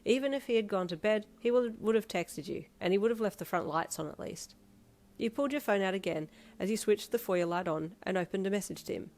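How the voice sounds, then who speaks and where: A woman narrating a fan fiction audio story in a steady, even read. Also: mid-range voice, a little fast. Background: faint instrumental music.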